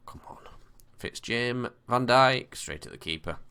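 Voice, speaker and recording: A man casually commentating his own football management game, with excited bursts and weary sighs. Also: mid-range voice, slow, clean tone. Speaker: gaming commentator. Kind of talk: casual let's-play commentary.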